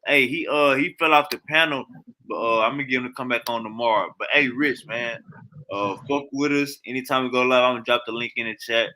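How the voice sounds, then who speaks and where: A man hosting a live-stream debate, calming his guests in a laid-back, repetitive way. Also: mid-range voice, fairly quick.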